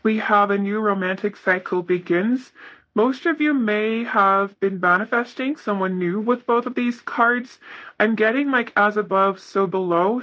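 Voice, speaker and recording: A woman tarot reader gives a casual reading, reading the card messages aloud softly and hesitantly with plenty of fillers. Her voice is mid-range and the audio sounds dull.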